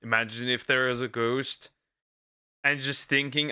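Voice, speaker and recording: A man reacting to a video with crude jokes and sudden loud outbursts. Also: medium pitch, normal speed. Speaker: reaction streamer. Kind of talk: casual reaction commentary.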